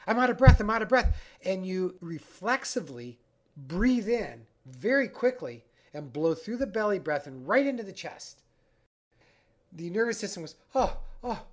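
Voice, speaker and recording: A man teaching a breathing exercise for anxiety, guiding the listener step by step in a calm, instructive way. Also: a little high. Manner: calm, guiding, acts out the panicked mind. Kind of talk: instructional talk.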